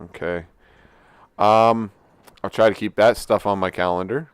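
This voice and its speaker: A man with a low, smooth, resonant voice interviewing a band in a casual way, checking dates by repeating them back. He speaks slowly, and the sound is close and dry. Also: fairly even intonation, dry recording. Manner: unhurried, repeats details back.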